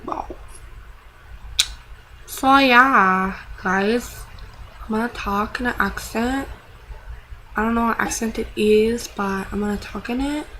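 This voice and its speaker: Young woman vlogger with a slightly high voice, venting in a loose, profane, rambling ramble-to-camera style. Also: measured pace, pushed and bright, slight background noise, low-quality recording. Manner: rambling, profane, self-deprecating. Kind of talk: casual venting vlog.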